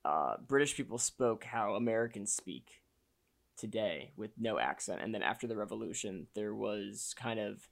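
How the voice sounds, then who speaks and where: A man's voice: on the low side, animated, moderate pace, vocal fry. A young man co-hosting a casual chat, wry and teasing, who sometimes explains things at length. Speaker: podcast co-host.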